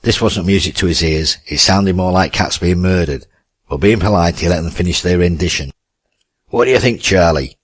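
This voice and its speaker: A man narrating a novel with steady, wry storytelling. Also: sits low, a little fast, breathy edge, no echo. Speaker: audiobook narrator. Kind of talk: scripted narration.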